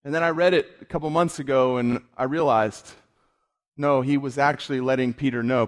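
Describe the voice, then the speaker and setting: A man's voice: mid-range voice, steady tone, fairly quick. Impassioned male preacher delivering a sermon. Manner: impassioned, rhetorical questions, rising intensity.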